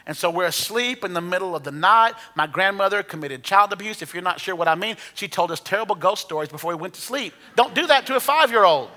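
A man's voice: high-pitched, lively intonation, fast talker, hardly any pauses, pushed and bright, big-room sound. A man preaching a sermon, telling a story with humor in a conversational way. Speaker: pastor.

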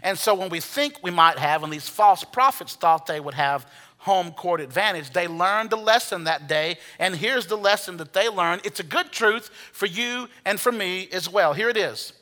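A man preaching a sermon as pastor, swinging from hushed asides to loud, animated calls and leading the congregation to repeat phrases. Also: high voice, normal speed. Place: church sanctuary. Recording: long reverb of a large hall.

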